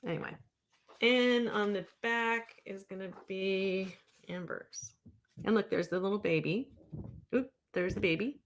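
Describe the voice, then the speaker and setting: A woman's voice: medium pitch, measured pace, a little hiss or hum. A woman in her fifties, a therapist hosting a livestream, talking casually and rambling as she reads viewer comments aloud. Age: 50s.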